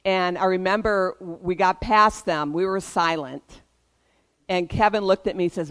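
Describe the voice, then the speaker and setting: A pastor delivers a sermon with emphatic, preaching cadences. The voice is clear and resonant, sitting in an ordinary middle pitch. The pastor calls for responses from the congregation. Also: steady tone, normal speed, a bit bright.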